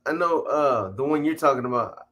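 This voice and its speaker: A man's voice: mid-range voice, moderate pace, a bit bright. A man hosting a casual podcast chat, laid-back, mostly giving short agreeing replies. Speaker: podcast host.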